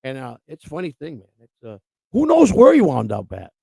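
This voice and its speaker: A man's voice: fairly high pitch, wildly swooping pitch, fairly quick, gravelly, mellow, breathy edge, no room sound. A man hosting a livestream show, telling a rambling personal story in a casual, profane way. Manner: rambling, profane, laughs at his own story.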